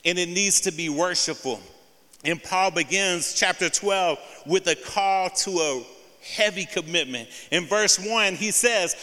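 A man preaching from the front of a church, his high, bright voice trailing off in a long hall echo. He fills his sermon with "man" and says his main points twice, rising in pitch and force when he drives them home. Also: unhurried. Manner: says "man" often, repeats key phrases; rises in pitch and volume when preaching hard. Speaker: pastor. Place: church sanctuary.

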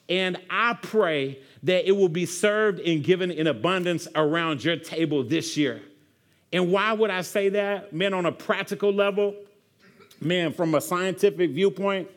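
Male pastor, high-pitched, laid-back conversational sermon, peppers lines with "man". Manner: casual, says "man" constantly, conversational preaching.

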